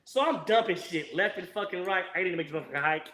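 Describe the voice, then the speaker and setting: A man in his forties, a former Marine guest, telling a war story in casual, profane, animated fashion with frequent laughter. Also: high-pitched, quick pace.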